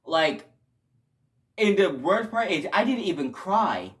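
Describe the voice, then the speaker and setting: A man's voice: sits high, very animated, takes it slowly. Emotional, rambling male show reviewer. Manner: emotional, rambling, swings from quiet to loud outbursts. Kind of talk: casual video review.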